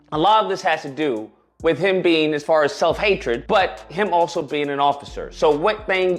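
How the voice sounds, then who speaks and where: Man, reaction commentator, emphatic, indignant, lively swooping pitch, faint background music.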